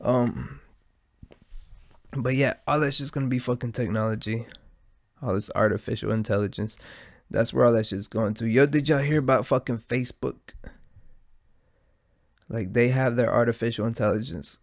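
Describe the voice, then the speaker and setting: A man's voice: mid-range voice, normal speed, gravelly, pauses often, no room sound, clean studio sound. A man hosting a podcast, rambling casually with lots of swearing, his nose stuffed and a bit out of breath. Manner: profane, meandering, laid-back. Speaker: podcast host.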